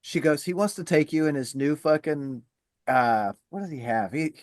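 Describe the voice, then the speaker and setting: A man's voice: a little high, moderate pace, dry recording, clean studio sound. A middle-aged man hosting a podcast, telling a funny story in casual chat, swearing freely and acting out the voices of people he quotes. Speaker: podcast host.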